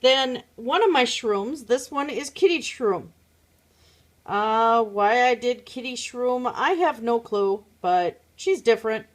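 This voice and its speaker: A woman's voice: on the high side, expressive, takes it slowly. A woman chatting casually at home, showing her craft pieces to a phone camera, rambling with many fillers. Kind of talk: casual show-and-tell chat.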